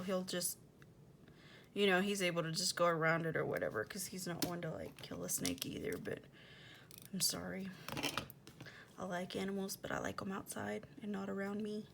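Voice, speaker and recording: A woman's voice: lowish voice, lively intonation, moderate pace, gravelly, a little hiss or hum. A young woman vlogger chatting casually at home, animatedly retelling a story with lots of "like" and quoted back-and-forth. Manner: drops to a soft near-whisper while working. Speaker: planner vlogger. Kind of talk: casual storytelling while decorating a planner.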